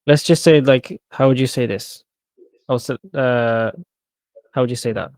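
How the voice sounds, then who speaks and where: A man's voice: medium pitch, steady tone, a little mellow, no echo. Patient male Arabic teacher, dry sound. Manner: patient, repeats words slowly syllable by syllable. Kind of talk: one-on-one Quran reading lesson.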